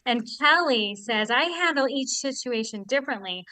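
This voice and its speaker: A woman reads out participant shares on a live podcast, with short affirming asides after each one. Her voice is high and crisp. The sound is very dry and close. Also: animated, normal speed, no room sound. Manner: reads each share aloud, then adds short warm comments. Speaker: co-host reading out participant shares.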